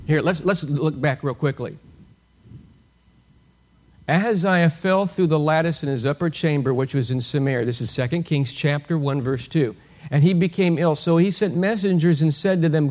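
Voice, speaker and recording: A man preaching an expository sermon with a fairly high voice. He teaches in an animated way, firing rhetorical questions at his listeners and chuckling now and then. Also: measured pace.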